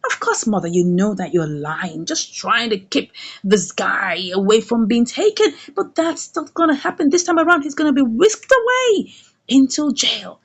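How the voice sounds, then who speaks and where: A woman's voice: a little high, sing-song, normal speed, husky, pitched below the performer's own voice, exaggerated voice. A woman voicing a stern male police officer who bluntly lists charges.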